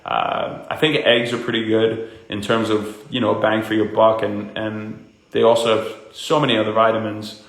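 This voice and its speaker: A man's voice: on the low side, little pitch movement. Upbeat man. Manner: upbeat, greets viewers by name, talks fast. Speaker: wellness livestream host. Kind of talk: casual livestream chat. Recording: echoey room.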